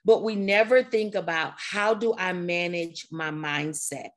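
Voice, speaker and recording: A woman with a slightly strained voice, coaching a group on a video call in a lively, conversational way. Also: fairly low pitch, measured pace. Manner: energetic, conversational, with laughs and repetitions. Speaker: coach leading an online group session. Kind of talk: motivational talk to a group.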